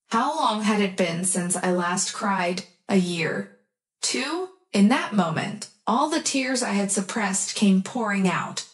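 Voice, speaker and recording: A woman reading a romance story aloud in a soft, even storytelling manner, as scripted narration for English learners. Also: medium pitch.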